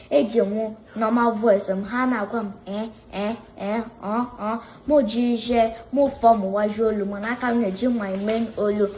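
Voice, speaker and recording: A woman's voice: a little high, darkish tone, a little hiss or hum. A woman acting as interviewer in a casual debate, talking animatedly and mixing Igbo and English.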